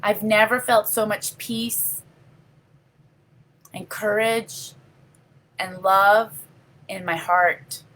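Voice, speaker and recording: A middle-aged woman talks straight to her livestream audience, earnest and heartfelt. She rambles and keeps saying "you know" as she answers comments. Her voice is bright and forward, at an ordinary middle pitch. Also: fairly even intonation, drawn-out words, pauses often. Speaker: livestream host. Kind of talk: casual live video chat, reading viewer comments.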